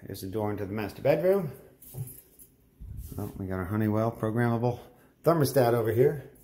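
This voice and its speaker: A middle-aged home builder talks a little fast in a lowish, mellow, animated voice while touring a house. His folksy, enthusiastic narration stays casual as he points out details along the way.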